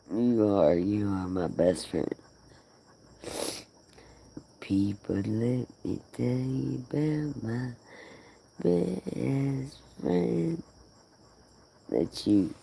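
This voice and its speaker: A man's voice: mid-range voice, warm tone, slight background noise. An actor playing a grieving man who rambles tearfully and half laughs as he dotes on his dog. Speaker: dog owner. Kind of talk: emotional monologue.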